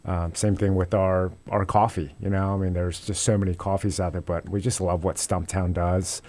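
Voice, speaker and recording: A deep-voiced man speaks as a guest in a radio studio. He sounds upbeat and restarts his sentences often, doubling his words. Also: little pitch movement, darkish tone. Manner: halting, repeats words, upbeat. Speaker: restaurant regional director, guest. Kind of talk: casual interview.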